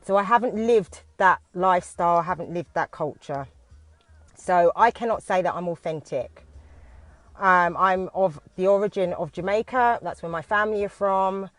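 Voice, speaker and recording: A British woman who teaches dance talks into her phone from inside a parked car on a live video, nervous and halting, with frequent restarts. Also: on the low side, no room sound. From United Kingdom.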